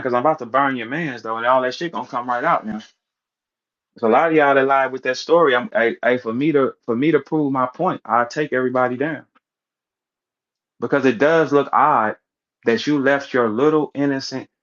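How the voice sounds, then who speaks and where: A man rants in blunt, profane commentary, pressing his points with rhetorical questions. His voice sits at an ordinary middle pitch. The audio is a little dull and lo-fi. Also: brisk, fairly bright tone. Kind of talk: animated commentary rant.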